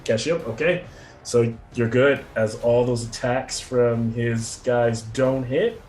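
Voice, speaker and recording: A man running a tabletop game as game master, laid-back and hesitant, filling pauses with "um" and "like". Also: medium pitch, steady tone, a little mellow. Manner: laid-back, hesitant, many fillers, laughs often.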